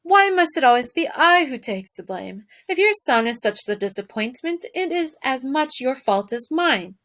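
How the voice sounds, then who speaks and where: A woman's voice: sits high, very animated, moderate pace, fairly bright tone, heavily acted. A woman voicing a vain mother mouse with a put-on French accent, haughty and dismissive, for a storybook read aloud. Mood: indignant. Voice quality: mangled grammar, haughty and dismissive.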